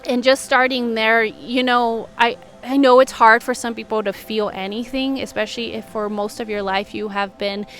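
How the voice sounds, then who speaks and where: A woman's voice: fairly high pitch, little pitch movement, normal speed, hardly any pauses, fairly bright tone. A woman who works as a healing coach talks in a candid, earnest vlog monologue, with frequent "like" fillers.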